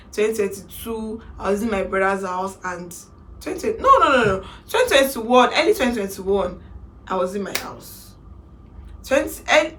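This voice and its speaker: A young Nigerian woman talks straight to camera about her years of work, mid-pitched and animated, dropping in Pidgin phrases. Her recording carries a faint steady hiss of background noise. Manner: animated, mixes in Pidgin, laughs to hold back tears. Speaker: makeup artist vlogger. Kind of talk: casual storytelling vlog.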